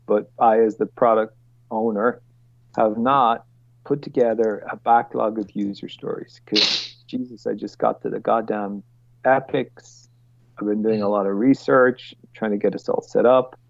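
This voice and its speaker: A man with a gravelly edge walks his team through planning on a video call. He talks bluntly and swears freely, often rambling off on a rant. The sound is dull, lo-fi call audio with a dry, close feel. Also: fairly low pitch, no room sound. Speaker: product owner leading a team meeting. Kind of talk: casual meeting explanation. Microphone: computer mic on a video call.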